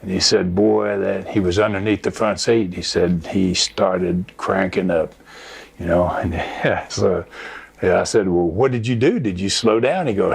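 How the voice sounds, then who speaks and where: Interview guest: man, husky, low, easygoing storyteller. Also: normal speed. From Mississippi, USA. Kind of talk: casual storytelling.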